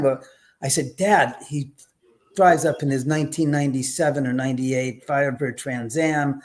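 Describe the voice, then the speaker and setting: A man in his sixties from Los Angeles, speaking with a fairly high voice. He tells his story in a lively, animated way and acts out the quoted dialogue. He sounds like a podcast guest on a remote call from home. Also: moderate pace. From Los Angeles, USA. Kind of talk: casual storytelling.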